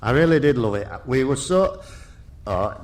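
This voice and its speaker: A man's voice: mid-range voice, normal speed. Older man telling stories. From Yorkshire. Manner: lively storyteller who laughs often and restarts sentences. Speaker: guest, retired rally driver. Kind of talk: casual anecdotal storytelling.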